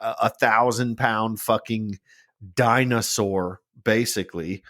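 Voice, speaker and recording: A man's voice: fairly low pitch, slow pace, no echo, studio quality. A man in his forties co-hosting a podcast in casual chat, swearing freely and joking around. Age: 40s. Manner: swears freely, jokey and animated. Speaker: podcast co-host.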